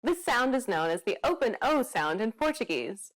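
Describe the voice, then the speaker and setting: A woman explains pronunciation in clear, scripted lesson narration. Her voice is slightly high, and her intonation rises and falls in a lively way. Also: moderate pace, few pauses.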